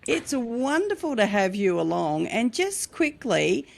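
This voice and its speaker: A woman's voice: a little high, sing-song, measured pace, creaky. A woman hosting a podcast interview, opening with a scripted welcome and asking her guest questions in an upbeat, welcoming way. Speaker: podcast host.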